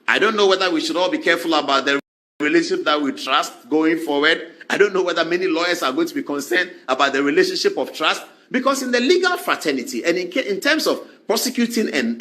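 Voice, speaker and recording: A man giving animated talk-show commentary, acting out quoted dialogue in shifting voices. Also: on the high side.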